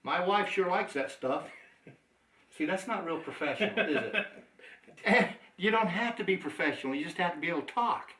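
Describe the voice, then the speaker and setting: Male sales trainer, slightly high voice, animated storyteller who acts out dialogue; roomy sound, distant mic. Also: brisk. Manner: chuckling, anecdotal, animated. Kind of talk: training talk with acted-out dialogue.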